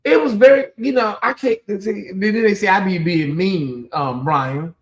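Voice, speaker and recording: A channel host giving sassy live commentary on a TV show, reading viewer names aloud and breaking into loud exclamations. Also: medium pitch, measured pace.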